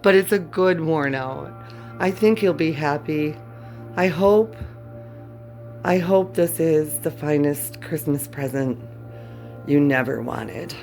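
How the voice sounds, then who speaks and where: A woman's voice: low-pitched, slow pace, long pauses, darkish tone, faint music behind. An older woman chatting casually to her viewers from a cluttered home workspace, rambling and poking fun at herself, audibly worn out. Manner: rambling, chatty, self-mocking. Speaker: channel host. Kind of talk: casual talk to camera.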